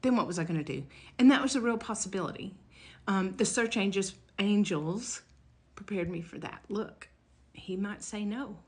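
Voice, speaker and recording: A woman telling a personal story in a casual, animated way, leaping up in pitch when excited and dropping to a hush for tense moments. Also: moderate pace. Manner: animated, jumps high and loud when quoting her own excitement; drops to a hush or whisper for dramatic moments.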